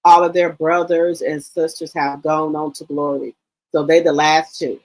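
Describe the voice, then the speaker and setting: A middle-aged woman hosting a livestream, chatting in a casual, animated storytelling way and calling her listeners baby and girl. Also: low-pitched, moderate pace, low-quality recording. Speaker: livestream host.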